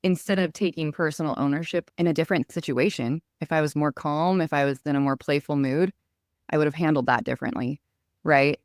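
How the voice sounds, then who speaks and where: A woman with a fairly low voice hosts a relaxed podcast chat and explains ideas patiently. She often checks in with a quick "right?", and the sound is close and dry with no room echo. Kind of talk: casual podcast conversation.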